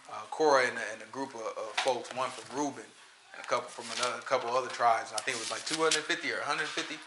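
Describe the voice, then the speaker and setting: A man preaching a casual, conversational sermon, animated and talking straight to his listeners. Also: medium pitch, a little hiss or hum. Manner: animated, talks straight to listeners, often asks "you know what I'm saying?". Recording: roomy echo.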